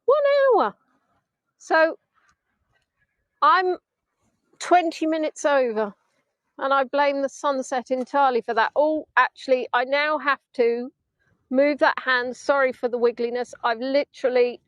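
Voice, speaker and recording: A woman's voice: sits high, fairly even intonation, measured pace, fairly bright tone, no echo. A woman guiding a live virtual tour from a beach at sunset, filming on a phone on a gimbal and chatting in a rambling, self-mocking way with playful asides.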